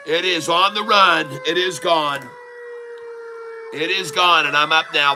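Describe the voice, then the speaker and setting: A man giving excited live commentary on his own stock trades, hyping the moves like a showman and repeating prices over and over. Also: fairly high pitch, music in the background. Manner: showman hype, drawn-out exclamations, repeats prices. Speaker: day trader streaming live.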